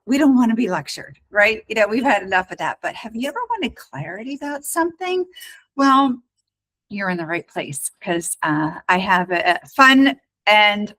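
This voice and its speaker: A woman hosting a casual podcast chat over a video call, chatty, laughing often and pausing on fillers. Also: medium pitch, fairly bright tone, low-quality recording. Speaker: podcast host.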